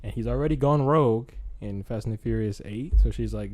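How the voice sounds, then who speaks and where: A man's voice: medium pitch, fairly quick, hardly any pauses, a little mellow. A young man hosting a podcast, telling a movie idea in a rambling, casual way with lots of fillers and acted-out lines. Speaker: podcast host. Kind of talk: casual chat.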